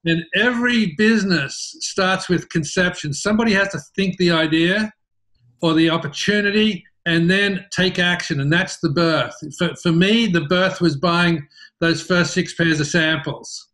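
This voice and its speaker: A middle-aged man with an Australian accent tells his business story in an interview, animated and often repeating words as he starts sentences. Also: sits high, a little slow. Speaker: interview guest, business founder.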